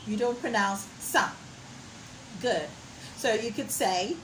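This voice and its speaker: A woman teaching a pronunciation lesson, modeling sounds slowly and praising the learner as she goes. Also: a little high, very animated, echoey room, slight background noise, poor audio. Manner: slow, drawn-out modeling of sounds with encouraging praise.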